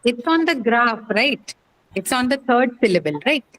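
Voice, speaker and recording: A woman's voice: fairly high pitch, lively intonation, moderate pace, fairly bright tone, low-quality recording. A woman teaching English pronunciation in a class, quizzing students patiently with many fillers and questions. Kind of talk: online class lecture.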